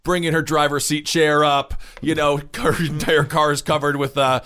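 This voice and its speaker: A man co-hosting a podcast, dropping quick sarcastic jokes into the chat. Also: on the high side, little pitch movement, sharp tone, clear, resonant tone. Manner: sarcastic, quick jokey asides. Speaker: podcast co-host. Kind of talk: casual chat.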